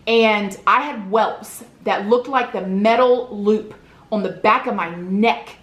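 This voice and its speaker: A woman's voice: medium pitch, slow pace, fairly bright tone. A woman, a vlogger telling an emotional story from her childhood in an earnest, confiding way, often asking the listener "right?". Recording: echoey room.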